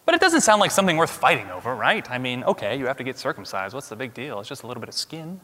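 Emphatic preacher in a reverberant hall. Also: male voice, medium pitch, very animated, rapid-fire. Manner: emphatic, swings from loud declarations to hushed asides. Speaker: pastor. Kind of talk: sermon. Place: church sanctuary. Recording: long reverb of a large hall.

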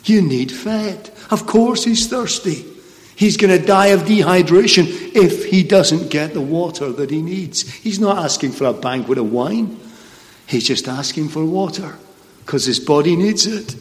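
A male preacher delivering a sermon, emphatic and rhetorical, slowing down to stress key points. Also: on the high side, animated, big-room sound.

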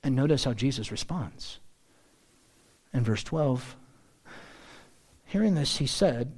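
Lively joking male preacher. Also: medium pitch, slow pace, pauses often. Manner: animated, joking asides to the congregation. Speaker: pastor. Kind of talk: sermon.

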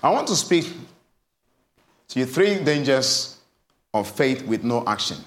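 A man preaching a sermon as pastor, emphatic and repeating his questions in a lively cadence, recorded in a church hall. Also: medium pitch, measured pace. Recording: roomy hall echo.

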